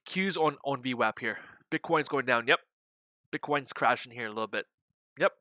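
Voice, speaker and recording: Rambling bright-voiced male stream host. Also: mid-range voice, moderate pace, no room sound. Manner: rambling, swears, laughs, frequent restarts. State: hiccuping. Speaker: day trading livestream host. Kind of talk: casual market chat.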